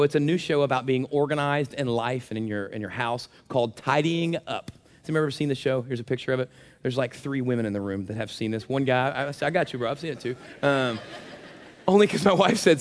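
A man's voice: fairly high pitch, fairly quick. A middle-aged man preaching a sermon to a congregation, telling jokey stories and acting out his own reactions. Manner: humorous storytelling with acted asides. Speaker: pastor. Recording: long hall reverb.

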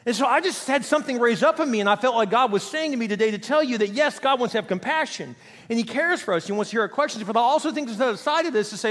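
High-voiced preacher in an echoing hall. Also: male voice, rapid-fire. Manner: storytelling, animated and emphatic. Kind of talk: sermon. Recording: long hall reverb.

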